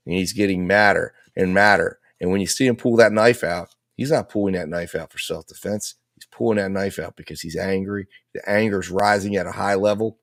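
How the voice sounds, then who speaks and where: A man's voice: low voice, fairly even intonation, a little fast, hardly any pauses, fairly bright tone, no echo, clean studio sound. A man commenting on a live trial, laying out and arguing with the other side's case in a repetitive, persuasive way. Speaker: legal commentator.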